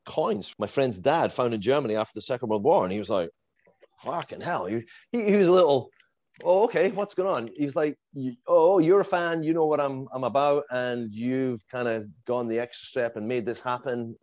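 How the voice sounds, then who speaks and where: A middle-aged man who moved to the United States from abroad, telling a long, animated fan story in casual chat, full of fillers and little laughs. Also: mid-range voice, no echo.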